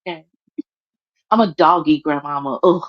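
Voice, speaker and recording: A woman's voice: deep voice, moderate pace, dry recording. A tearful woman pours out blunt, heartfelt, profane talk on a livestream. Her voice comes through a dull, muffled call line. The sound is dry, with no room around it. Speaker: guest. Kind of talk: casual livestream chat. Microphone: video call.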